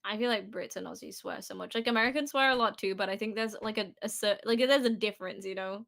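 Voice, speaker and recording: A woman's voice: medium pitch, fast, creaky, a bit bright. A young woman with a British accent chatting casually on a stream, laughing often and trailing off with fillers. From Britain. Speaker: guest. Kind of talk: casual chat.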